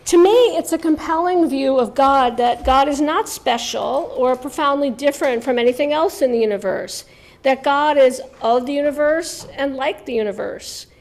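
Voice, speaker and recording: A woman writer gives a reflective lecture, leaning on key words with quiet conviction. Her voice sits a bit high and carries a gravelly fry at the ends of phrases. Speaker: writer giving a talk. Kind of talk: spoken lecture on religious texts.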